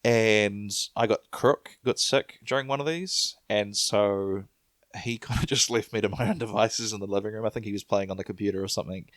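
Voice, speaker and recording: A man's voice: lowish voice, steady tone, moderate pace, dry recording, studio quality. A man, hosting a podcast in casual chat and laughing often through rambling stories. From New Zealand. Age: 30s. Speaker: podcast host.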